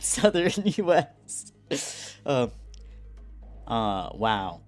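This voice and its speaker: A man's voice: medium pitch, very animated, very slow, faint music behind. A man streaming a story game, casually reading it aloud and making joking, laughing asides. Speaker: gaming streamer.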